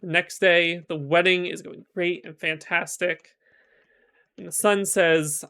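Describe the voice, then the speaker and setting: A man's voice: high-pitched, fairly even intonation, a little slow, bright, forceful tone, smooth. A male streamer casually retelling a folk tale, chatty and rambling with lots of fillers. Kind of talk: casual storytelling while gaming.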